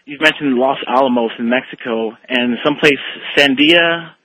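A man's voice: medium pitch, normal speed, pushed and bright, husky, no echo, low-quality recording. A man calling in to a radio show, rambling through a story and acting out the quotes with animation. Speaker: caller.

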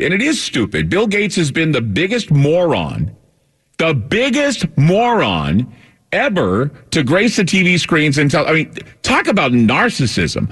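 A man's voice: fairly high pitch, wildly swooping pitch, measured pace, a bit bright, husky. A man hosting a talk radio show, delivering a combative, sarcastic monologue.

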